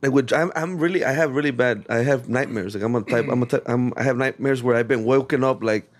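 A man's voice: medium pitch, fast. A man in a loose, casual chat, rambling with many restarts and switching into Spanish slang.

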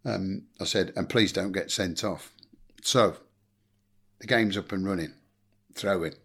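Deep-voiced blunt English storyteller man. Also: a little slow, a bit bright, breathy edge. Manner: blunt anecdotal storyteller, swears, acts out quotes. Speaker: guest, former football manager. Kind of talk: casual storytelling interview.

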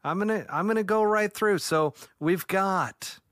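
A man's voice: high-pitched, a little slow, fairly bright tone, no room sound, studio quality. A man hosting a podcast in casual chat, brash and joking, swearing freely. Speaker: podcast host.

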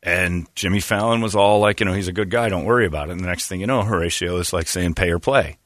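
A man with a low voice talks fast, recorded cleanly in a studio with no room sound. Hosting a podcast, he chats casually and tells stories with animation, acting out quotes.

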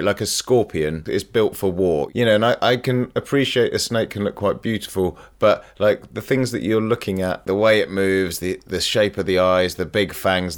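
A podcast host with a lowish voice, easygoing and chatty, tossing in the odd swear word. He keeps things loose and friendly in a casual conversational tone. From Britain. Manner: relaxed, chatty, laughs easily, swears casually.

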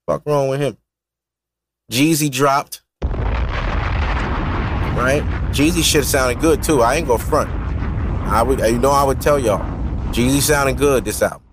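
A man's voice: mid-range voice, a little slow, long pauses, husky. A man hosting a solo podcast in loose, profane, rambling casual chat, laughing often. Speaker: podcast host.

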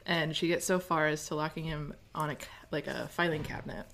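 A woman with a low-pitched voice recounts an episode on her podcast. She is relaxed and often stops to fix her own retelling. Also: brisk, gravelly, a little hiss or hum. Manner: relaxed, corrects herself mid-story. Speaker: podcast co-host. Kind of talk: casual recap chat.

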